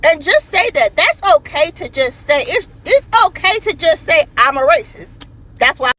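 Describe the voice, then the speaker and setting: A woman's voice: very high-pitched, big pitch swings, normal speed, fairly bright tone, poor audio. A woman giving an opinion rant to camera, emphatic and repeating her points. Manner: emphatic and repetitive.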